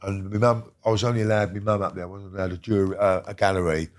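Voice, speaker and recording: A middle-aged man tells his story in a blunt, heated way. He swears freely and leans hard on his words. His voice sits on the low side. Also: flat delivery, fast talker. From Britain. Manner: heated, profane, emphatic storytelling. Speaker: interview guest. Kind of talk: casual storytelling.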